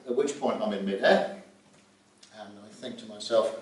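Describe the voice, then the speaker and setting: A man's voice: fairly low pitch, normal speed. A middle-aged man, a glider pilot, giving a vivid, anecdotal safety briefing and acting out scenes. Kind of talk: spoken safety talk to fellow pilots. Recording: echoey room from far off.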